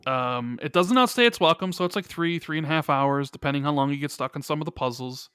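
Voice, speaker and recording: A man with a fairly high voice trades teasing banter on a casual gaming podcast. His sound is close and dry, with no room around it. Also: fast talker, a bit bright, clean tone, dry recording. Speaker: podcast co-host.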